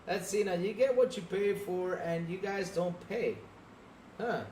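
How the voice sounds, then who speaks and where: A young adult man hosting a live podcast stream, talking straight to his chat in an animated, repetitive way. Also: high voice, measured pace, slight background noise. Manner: animated, talks straight to chat, repeats himself. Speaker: podcast host.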